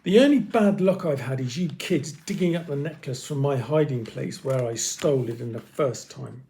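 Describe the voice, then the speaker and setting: A man voicing a big, hairy male robber, a sly villain who speaks in a gruff, mocking way, in a storybook reading. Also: mid-range voice, normal speed, warm tone, a little hiss or hum, close to an everyday voice. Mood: menacing.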